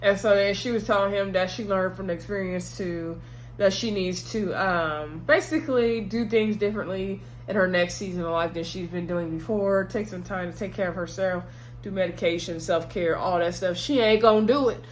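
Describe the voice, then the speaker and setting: A woman recaps a TV episode in loose, casual chat. Her voice sits at an ordinary middle pitch, and she keeps slipping in sassy exclamations and side comments. A faint hum runs underneath. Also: moderate pace. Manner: chatty, with sassy exclamations and asides.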